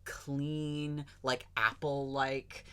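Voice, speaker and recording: Bright-voiced, chatty woman podcast host. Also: rumbling low, smooth. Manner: rambling, fast and animated, swears. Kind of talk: casual chat.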